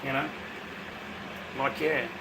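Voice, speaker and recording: An Australian man in a profane, rambling casual chat to viewers, breaking into loud bursts. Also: medium pitch, level tone, takes it slowly, noisy background.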